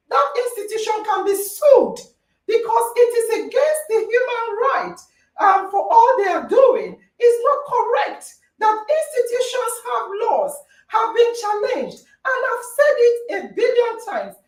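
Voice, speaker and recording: High, animated woman in an echoey room. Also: unhurried. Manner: emphatic, argumentative, repeats phrases for stress. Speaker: podcast host. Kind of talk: heated debate moderation. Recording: echoey room, distant mic.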